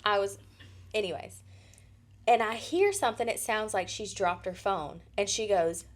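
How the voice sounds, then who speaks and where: A woman co-hosting a podcast, playful and teasing and quick to laugh. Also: mid-range voice. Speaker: podcast co-host. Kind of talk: casual chat.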